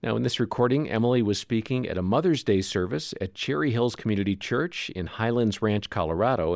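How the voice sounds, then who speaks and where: A man hosting a radio show, reading a scripted introduction in a measured, steady way. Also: lowish voice, dry recording, studio quality.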